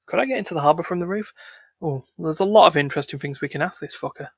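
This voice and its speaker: A man's voice: fairly high pitch, quick pace, gravelly, breathy edge, no echo, studio quality. A man playing a story game, reading its narration aloud and chatting casually with his co-player between lines. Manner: reads narration aloud, then chats and jokes. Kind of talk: casual let's-play narration.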